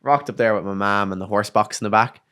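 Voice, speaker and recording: Young irish guy telling a story, lowish voice, swears a lot, chatty and slangy. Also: quick pace, clear, resonant tone. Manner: animated, swears freely, slangy anecdote telling. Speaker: podcast guest, downhill mountain bike racer. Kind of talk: casual storytelling chat.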